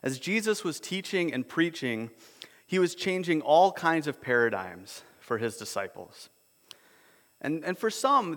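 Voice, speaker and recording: Conversational pastor in an echoing hall. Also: male voice, mid-range voice, fairly bright tone. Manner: conversational, repeats words as he restarts. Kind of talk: sermon. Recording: long hall reverb.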